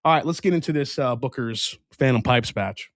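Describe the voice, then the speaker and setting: A man of middle pitch chats casually as he hosts a live review stream, rambling along and often restarting his sentences. The sound is dry and close, with no room around his voice. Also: normal speed, a bit bright, no room sound. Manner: rambling, restarts often, reads chat aloud. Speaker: whiskey review livestream host. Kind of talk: casual livestream chat.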